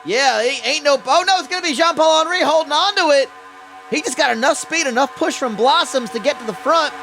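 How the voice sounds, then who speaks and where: A man's voice: extremely high pitch, fairly quick, vocal fry, bright, forceful tone, faint music behind. A man calling a race as play-by-play commentator in a rambling, folksy way, often stumbling over his words.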